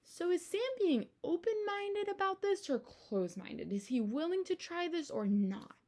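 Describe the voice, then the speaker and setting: Lively, creaky-voiced woman teacher. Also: very high-pitched, normal speed, hardly any pauses. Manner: animated storytime delivery with questions to children. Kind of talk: reading a picture book aloud to a class.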